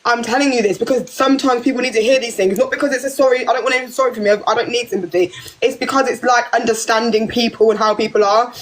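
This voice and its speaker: A young British woman in a heated livestream argument, talking fast and emphatically about her feelings, a mother of two young kids. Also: fairly high pitch, steady tone. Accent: British English. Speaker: livestream guest.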